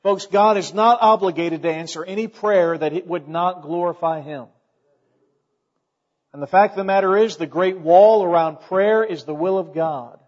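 High-voiced folksy preacher. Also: male voice, darkish tone, highs cut off. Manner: folksy preaching with rising emphasis and quoted scripture. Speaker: pastor. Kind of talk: sermon. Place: church.

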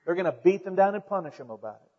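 A man preaching a sermon as pastor, emphatic and building to loud points, calling out to the congregation. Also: high voice, animated, rapid-fire. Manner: calls out to the congregation. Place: church sanctuary. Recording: dull lo-fi sound with long hall reverb.

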